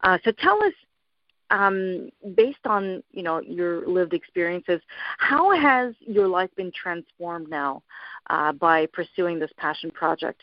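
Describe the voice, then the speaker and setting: A woman host with a fairly low voice affirms her guest and then asks a question, pausing often along the way. The sound is dry and somewhat dull. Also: lively intonation, dry recording. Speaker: podcast host. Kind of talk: interview questions. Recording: dull lo-fi recording.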